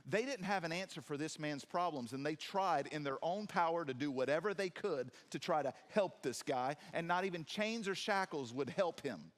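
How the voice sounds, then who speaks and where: A man preaching a sermon in a church, animated and acting out scenes in different voices with jokes for the congregation. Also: fairly high pitch, normal speed, few pauses. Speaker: pastor. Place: church sanctuary.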